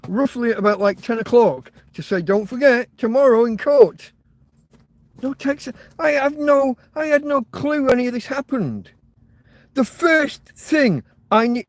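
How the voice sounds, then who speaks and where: An English man with a high voice pours out an agitated, profanity-laced rant on his podcast. He sounds close to tears with frustration. The sound is close and dry. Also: fairly bright tone, dry recording. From England. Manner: agitated, swearing, near tears. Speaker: podcast host. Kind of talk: angry ranting monologue.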